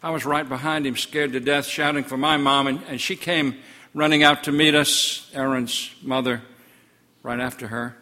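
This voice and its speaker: An older man voices a twelve-year-old village boy who tells of a miracle with earnest wonder. The tone is bright and forceful, and it sinks low and hushed in the sad moments. A long church reverb trails each phrase. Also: fairly even intonation, moderate pace, close to an everyday voice. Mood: grieving, awed. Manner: earnest storytelling, voice drops low in sorrowful passages. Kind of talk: first-person story sermon.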